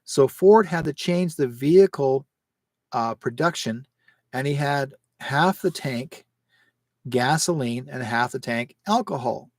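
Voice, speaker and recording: A Canadian man hosting a live call-in psychic show, talking in an emphatic, rambling way with sudden rises in pitch. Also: lively intonation, a little slow, a little mellow, dry recording. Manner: emphatic, rambling, rising sharply on points.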